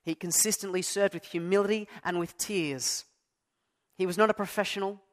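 Conversational pastor preaching. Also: male voice, high-pitched, steady tone, moderate pace. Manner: conversational, self-deprecating, emphatic on key words. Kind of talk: sermon. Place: church.

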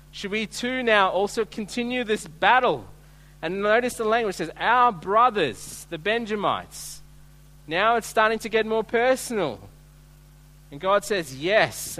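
A man's voice: high-pitched, a bit bright, rough recording. A man preaching an earnest, emphatic sermon, acting out quoted voices as he retells a scripture passage.

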